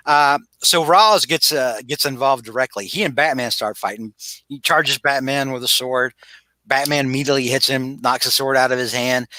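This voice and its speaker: A man co-hosting a casual podcast, retelling a story with animated energy, acting out lines, and stumbling through restarts. His voice is bright and forward. The sound is dry and close. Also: mid-range voice, moderate pace, no echo. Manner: animated retelling with acted-out quotes and frequent restarts. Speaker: podcast co-host. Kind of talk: casual chat.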